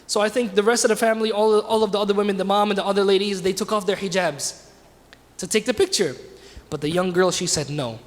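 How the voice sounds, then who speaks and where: A man with a high voice leads a religious lesson in a mosque. He tells the story in a loose, conversational way and keeps turning to his class with questions. His voice rings out with a long echo in the hall. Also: fast talker. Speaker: teacher leading a class. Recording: reverberant hall.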